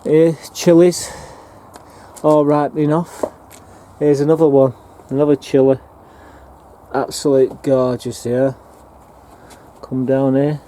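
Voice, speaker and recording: A man's voice: medium pitch, flat delivery, slow, long pauses, mellow, a little hiss or hum. A man, chatting casually and rambling through fillers as he walks a tour of his allotment garden. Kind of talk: casual walking tour narration. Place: outdoor allotment garden in a town.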